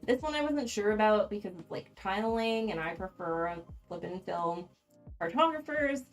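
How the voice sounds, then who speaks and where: Casual female streamer, mid pitch, gravelly fry, chatty and frank, faint music underneath. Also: expressive, moderate pace. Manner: chatty, frank, frequent ums and laughs. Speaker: board game channel host. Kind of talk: casual livestream chat.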